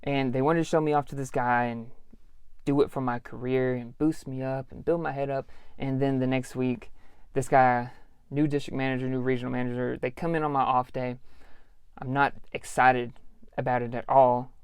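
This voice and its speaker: Profane, smooth-voiced man ranting. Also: mid-range voice, level tone, moderate pace, no echo. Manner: casual, slangy storytelling. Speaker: podcast host. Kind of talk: solo podcast monologue.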